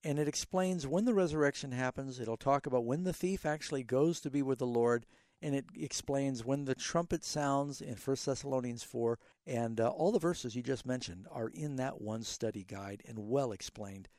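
A man's voice: medium pitch, moderate pace, no room sound. A middle-aged man hosting a call-in radio Bible show as pastor, explaining passages with stories and emphatic delivery. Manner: explanatory, tells illustrative stories, animated emphasis.

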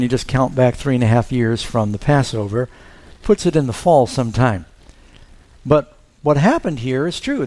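A man preaching a sermon, telling a Bible story and slowing down to stress key words. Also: mid-range voice, a little mellow. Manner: storytelling, leans on key words with slowed emphasis.

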